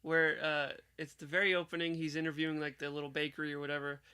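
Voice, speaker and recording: Male podcast co-host, sharp, bright voice, jokey riffing. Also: a little high, level tone, fast, smooth. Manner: jokey, riffs with bits and voices. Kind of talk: casual chat.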